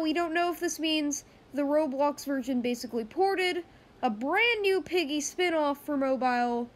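A woman hosting a casual gaming news roundup, chatty and rambling, often correcting herself mid-sentence. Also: high voice.

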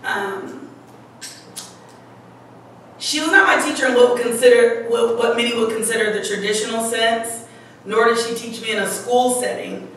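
Woman educator, hoarse and losing her voice, fond speech at an awards event, mic far off in a very echoey hall. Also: a little high, moderate pace, pauses often, a little hiss or hum. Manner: warm, fond, laughing at her own stories. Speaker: local educator introducing an honoree. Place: large room at an event.

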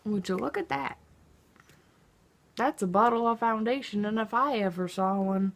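A woman's voice: fairly high pitch, normal speed, gravelly. A young woman telling a story in a casual vlog, sarcastic and exasperated, swearing freely. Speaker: vlogger.

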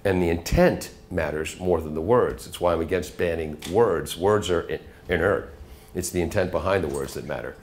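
A man's voice: low voice, moderate pace, slight background noise. Chatty middle-aged New radio man. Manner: chatty storyteller, slips into character voices. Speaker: radio host guest speaker. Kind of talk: guest lecture to a college class. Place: college classroom.

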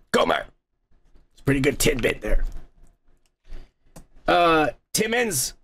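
A man hosting a comedy podcast, reading out viewer comments in a crude, rambling way full of profanity and mocking asides. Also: sits high.

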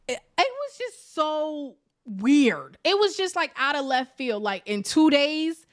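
High-voiced woman ranting in a casual review. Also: sing-song, slow. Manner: emphatic, repeats words for effect; chatty and exasperated, peppered with "like". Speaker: TV show reviewer.

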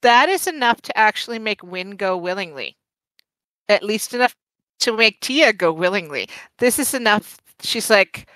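A woman playing a tabletop game, amused and quick to laugh as she voices her character's reactions. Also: medium pitch, lively intonation, pushed and bright, dry recording, low-quality recording. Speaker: player. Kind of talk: casual tabletop game play.

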